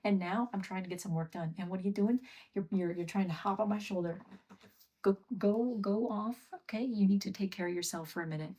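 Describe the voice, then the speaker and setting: Speaking fast in a lowish voice, a woman rambles through a casual livestream at her home workspace, muttering soft asides as she scolds her pets.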